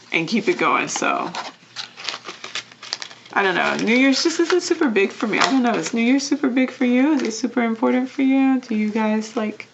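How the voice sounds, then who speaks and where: A young woman vlogger chatting casually as she counts cash into envelopes, often dropping to a soft murmur. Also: medium pitch, vocal fry, highs cut off, a little hiss or hum. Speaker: vlogger doing budgeting videos.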